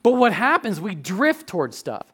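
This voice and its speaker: A man in his thirties giving a sermon as a pastor, chatty and animated, telling stories with sudden loud outbursts. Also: high voice, moderate pace, breathy edge.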